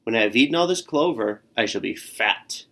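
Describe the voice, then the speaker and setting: A man's voice: on the low side, animated, a little fast, pushed and bright. A man voicing a clever little female lamb who bleats and pleads in a storybook reading. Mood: pleading. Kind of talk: storybook character voice.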